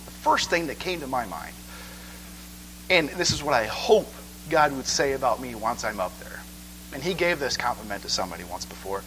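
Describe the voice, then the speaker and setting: A man preaching a sermon in church, conversational and animated, asking "okay?" again and again. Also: mid-range voice, slight background noise, low-quality recording.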